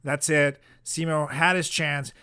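A man hosting a comedy podcast, ranting in loud exasperation. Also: on the high side, fairly even intonation, measured pace, smooth. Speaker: podcast host.

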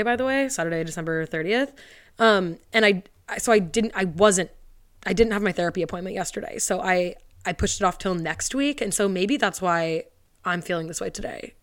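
A young woman hosting a solo podcast from her living room, talking close into a mic. She rambles and fills her speech with "like", and she is tearful. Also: medium pitch. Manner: rambling, heavy use of "like", tearful and laughing. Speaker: podcast host. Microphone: studio mic, close.

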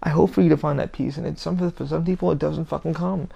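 Gravelly, profane man ranting on a podcast. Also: on the high side, fairly even intonation, fast, dark tone, dull audio. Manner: profane, rambling, emphatic. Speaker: podcast host. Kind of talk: casual monologue.

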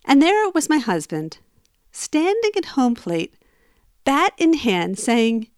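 A woman's voice: sits high, sing-song, slow pace, dry recording. Woman telling a personal story, dry close mic. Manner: conversational, emphatic when reliving arguments.

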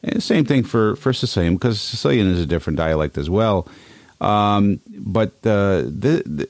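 A man chatting casually, halting with many fillers and telling playful stories. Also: on the low side, animated, darkish tone, dry recording. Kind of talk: casual chat.

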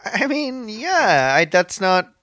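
A man's voice: sits high, big pitch swings, slow pace, pushed and bright, no echo, studio quality. A man co-hosting a comedy podcast in a laid-back, self-assured and offhand way. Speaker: podcast co-host. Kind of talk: deadpan comedic podcast banter.

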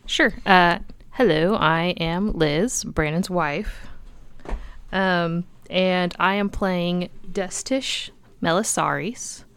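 A woman introducing her character as a player in a tabletop game, relaxed with some fillers. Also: on the low side, takes it slowly, a little hiss or hum. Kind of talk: casual tabletop game chat.

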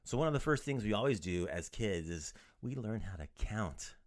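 A man hosting a podcast language lesson in a playful, casual way, joking around and repeating words slowly for learners. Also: on the low side, expressive.

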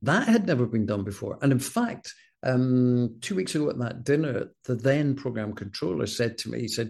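A middle-aged man with a Scottish accent and a gravelly edge to his voice. He tells his stories in a wry, self-deprecating way, an old broadcast announcer chatting easily in an interview. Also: medium pitch, expressive, normal speed, hardly any pauses, darkish tone. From Scotland. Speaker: former television continuity announcer, guest. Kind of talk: relaxed interview chat.

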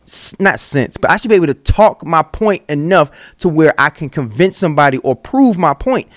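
In a dry, clean studio recording, this man co-hosts a podcast, speaking at normal speed in a somewhat high voice with lively intonation. He makes his case earnestly in casual conversation, repeatedly stumbling and starting over.

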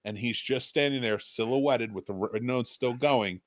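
A podcast co-host with a mid-range voice tells a story in casual chat at a moderate pace, swearing a lot and animatedly acting out scenes. There's no echo on the recording.

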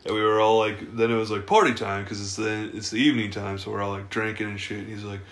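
A man's voice: on the low side, level tone, quick pace, a bit bright. Laid-back young man in an echoey room. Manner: laid-back, laughing storyteller, swears a lot. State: tipsy from beer. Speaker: podcast co-host. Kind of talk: casual chat. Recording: roomy echo.

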